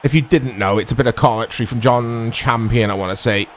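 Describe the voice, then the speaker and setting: A man in his thirties casually commentating his own football video game, chatty and quick to get excited. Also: medium pitch, a little hiss or hum. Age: 30s. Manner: chatty, easily excitable, self-deprecating. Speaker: gaming YouTuber.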